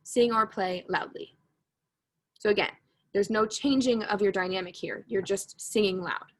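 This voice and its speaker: A woman's voice: medium pitch, moderate pace. A woman teaching a recorded music lesson, patient and repetitive, correcting her own slips with a laugh at herself. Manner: patient, repeats key points, self-correcting with humor.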